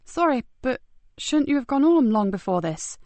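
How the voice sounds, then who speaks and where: A woman's voice: high voice, very animated, normal speed, darkish tone, no room sound, voice pushed up. A woman voicing a fierce, driven female police inspector in an audiobook, talking sharply and bluntly. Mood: sharp, brisk. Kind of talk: audiobook character voice.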